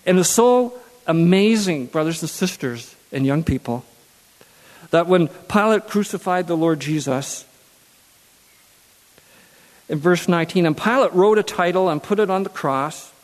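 A man's voice: sits high, lively intonation, a little slow, pauses often, long reverb tail. A man preaching a sermon who reads scripture aloud and then repeats key phrases for emphasis.

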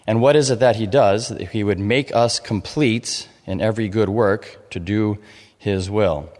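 A man preaching an expository sermon, explaining scripture in a measured way and reading verses aloud. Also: lowish voice, darkish tone. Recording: long hall reverb.

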